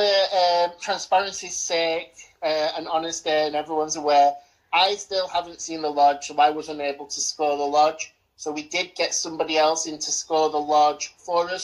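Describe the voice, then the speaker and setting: A woman's voice: deep voice, low-quality recording. A young woman co-hosting a casual film-review chat, boasting in playful, theatrical banter and swearing freely. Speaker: podcast co-host.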